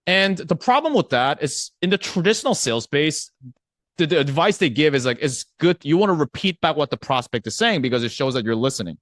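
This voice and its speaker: Lively-voiced man coaching sales. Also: fairly high pitch, a little fast, no echo, clean studio sound. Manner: conversational, acts out prospect replies, checks in with "right?". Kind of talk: live online sales training.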